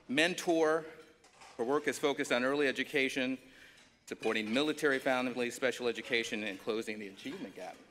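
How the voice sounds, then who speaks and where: Moderating a panel in a conference hall, a man with a mid-range, somewhat bright voice introduces speakers in a joking, chatty way, stumbling through fillers and restarts. The recording carries hall reverb and faint noise.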